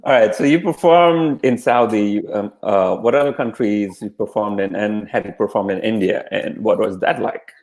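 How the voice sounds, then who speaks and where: A man co-hosts a casual podcast and puts questions to his guest. His voice is on the low side. He asks in a relaxed way and hesitates with small fillers. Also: normal speed, hardly any pauses. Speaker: podcast co-host.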